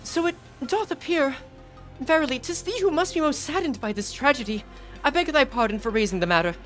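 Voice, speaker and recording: A woman's voice: high voice, lively intonation, a little fast, fairly bright tone, soft background music, pitched above the performer's own voice. A woman voicing a pompous young British man who talks in an old-fashioned, theatrical way, with a put-on British accent. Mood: mock solemn. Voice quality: archaic, theatrical diction.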